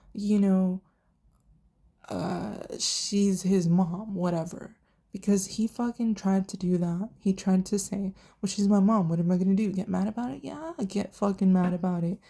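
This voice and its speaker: A young woman chats through her thoughts on a TV show, swearing freely and slipping into the characters' lines as she retells scenes. She talks slowly, and her voice has a dark, mellow tone. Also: medium pitch, gravelly. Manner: chatty, profane, animated retelling with quoted voices. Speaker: TV reviewer. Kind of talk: casual vlog recap.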